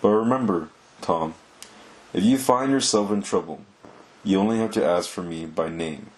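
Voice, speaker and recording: A man voicing a blunt, streetwise female thief in his own low voice, reading a storybook aloud. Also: moderate pace, natural voice. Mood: warning.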